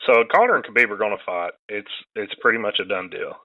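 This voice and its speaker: A man hosting a casual sports podcast, laid-back and quick to laugh, swearing freely. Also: fairly low pitch, animated, phone-quality sound. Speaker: podcast host. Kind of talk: casual chat.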